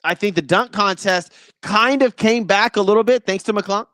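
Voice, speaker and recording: A man's voice: high voice, normal speed, a bit bright, no echo, clean studio sound. A man hosting a sports talk show, giving a casual, opinionated monologue in a blunt and exasperated way.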